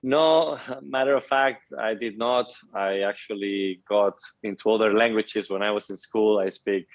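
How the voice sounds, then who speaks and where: A Spanish man in his twenties, with a Spanish accent, appears as a guest in a casual interview, upbeat and eager and often saying "you know." His voice is fairly low with fairly even intonation at normal speed, and the audio is poor.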